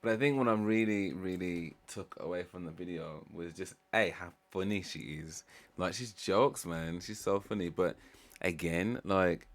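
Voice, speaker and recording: A man hosting a music reaction, talking through his thoughts in a relaxed, rambling way with many fillers. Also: low voice, measured pace. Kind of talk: casual reflective commentary.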